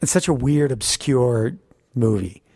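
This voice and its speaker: Male podcast co-host, lively casual storyteller, average pitch, dry recording. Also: a little slow, no echo. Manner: animated storyteller, swearing, laughing often. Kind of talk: casual chat.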